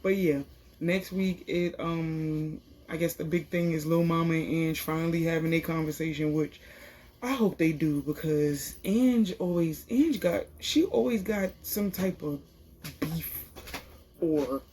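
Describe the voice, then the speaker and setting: A woman's voice: deep voice, a little slow, darkish tone. A woman casually recapping a reality TV episode in a chatty, slangy way, full of fillers. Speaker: TV show reviewer.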